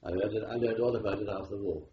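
A man's voice: lowish voice, fairly even intonation, very fast. An older man from Wales with a Welsh accent, a war veteran rambling through his memories with many ums and restarts. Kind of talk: oral history recollection. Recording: dull roomy tape with faint hiss.

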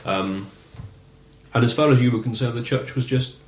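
A man's voice: medium pitch, moderate pace. A male interviewer who asks prompting questions and murmurs short assents. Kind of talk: oral history interview. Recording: roomy, dull archival tape with faint hiss.

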